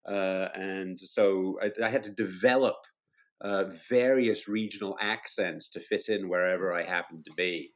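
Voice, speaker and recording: A British man chatting as a podcast guest, in a warm, self-deprecating way with frequent hesitations. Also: low voice, steady tone, normal speed. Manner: chatty, self-deprecating, lots of fillers and restarts. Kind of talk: casual interview chat.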